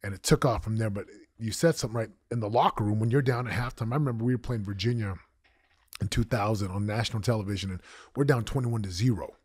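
A man in his forties tells his life story in an emotional, animated way, acting out what people said. His voice is husky and a little breathy. The sound is dry and close to the mic, with no room echo. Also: lowish voice, quick pace. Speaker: guest, former football champion and coach. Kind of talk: candid storytelling interview.

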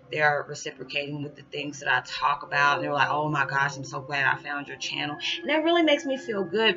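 A woman's voice: low-pitched, sharp tone. A woman vlogging casually to her viewers, rambling with many fillers and calling them y'all. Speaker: spiritual vlogger. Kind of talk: casual direct-to-camera talk. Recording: muffled audio with background music.

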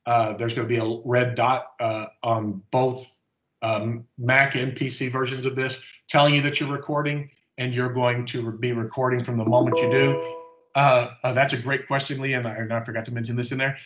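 A man presenting at a conference, walking through a live software demonstration step by step in a casual, explanatory way. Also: mid-range voice, level tone, moderate pace. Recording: slightly dull lo-fi audio.

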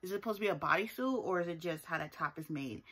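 In a lowish, husky, fairly bright voice, a TV show reviewer talks fast through a casual reality TV episode recap. Sassy and emphatic, she drives points home with asides and keeps tacking on "okay?".

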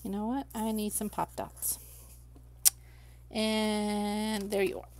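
A woman's voice: mid-range voice, level tone, takes it slowly, a little mellow, slight background noise. Chatty woman streaming her crafting. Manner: chatty, talks to herself while working, reads chat aloud. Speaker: crafting livestream host. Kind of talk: casual livestream crafting chat.

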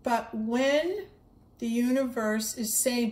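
A woman's voice: on the high side, measured pace, reverberant. A woman giving an earnest spiritual monologue, repeating herself and stumbling over restarts as she speaks. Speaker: spiritual livestreamer.

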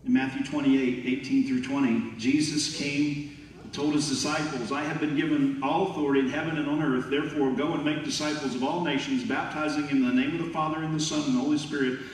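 A man preaching a sermon as pastor, emphatic and lively, sometimes acting out quoted voices. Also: fairly high pitch, fairly quick, far from the mic, a little hiss or hum. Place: large church hall. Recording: echoey hall from afar.

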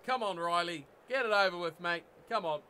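A man with a New Zealand accent giving excitable live commentary while playing a rugby video game, often yelling at the screen. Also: sits high, brisk, faint music behind. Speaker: gaming YouTuber.

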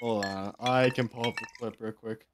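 A man's voice: on the low side, fairly even intonation, normal speed, noisy background. A man playing a game with a friend, talking in a loose, joking way full of slang and calling him "bro.". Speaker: teammate. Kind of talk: casual gaming chat.

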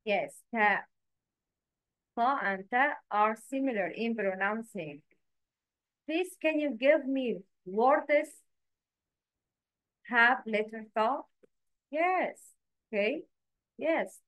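A woman's voice: a little high, expressive, slow, pauses often, a bit bright, dry recording, low-quality recording. A woman teaching letter pronunciation, patiently repeating words and prompting her pupils to repeat after her. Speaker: Quran reading teacher. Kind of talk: pronunciation lesson.

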